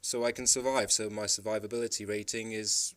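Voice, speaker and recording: Smooth-voiced man from the Isle of Man. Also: fairly low pitch, fairly even intonation, a little fast, fairly bright tone. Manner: rambling, emphatic storytelling with frequent restarts. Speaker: travel vlogger. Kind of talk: casual monologue.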